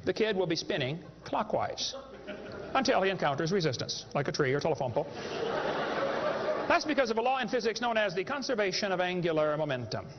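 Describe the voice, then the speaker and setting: A man's voice: sits high, sing-song, brisk, noisy background. A man giving a humorous lecture to a live audience, a folksy, joking storyteller. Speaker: creationist speaker. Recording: echoey hall, dull lo-fi sound.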